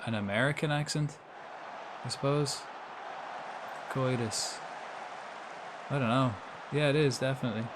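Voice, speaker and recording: Brief: young Irish man, mid-pitch, loose swearing live-stream chatter, clear hum behind. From Ireland. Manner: chatty, swears freely, reacts aloud to the game. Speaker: gaming streamer. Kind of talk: casual live-stream commentary.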